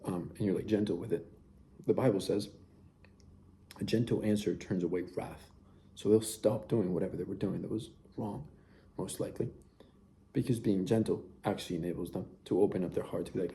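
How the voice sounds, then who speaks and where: A man's voice: fairly low pitch, a little fast, dark tone, a little hiss or hum. A young man talking casually and earnestly to camera about Bible verses, often saying "dude" and dropping to near whispers. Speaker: faith vlogger.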